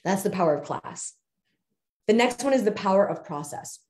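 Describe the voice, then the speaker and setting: A woman's voice: medium pitch, animated, moderate pace, a little mellow. A woman hosting a live figure skating coaching show, giving an emphatic motivational talk that repeats key phrases and speaks straight to her audience. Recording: roomy echo.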